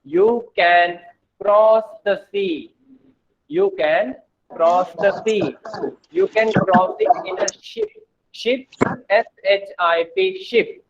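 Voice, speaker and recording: A male teacher with an Indian accent giving an online English lesson to children, speaking slowly and repeating words for the class. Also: high voice, very animated, a little hiss or hum. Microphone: video call. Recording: tinny phone-like online call audio.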